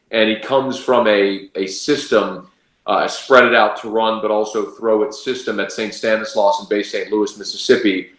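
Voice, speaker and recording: A man appears as a radio sports guest, giving confident, emphatic college football analysis in casual sports talk. His voice is on the low side with a fairly bright tone, and the recording is reverberant.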